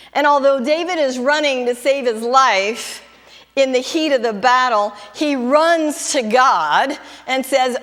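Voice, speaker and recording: Woman pastor, middle-aged, high voice, conversational sermon with fervent peaks, long church-hall reverb. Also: a bit bright. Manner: conversational preaching, rises to fervent emphasis. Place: church sanctuary.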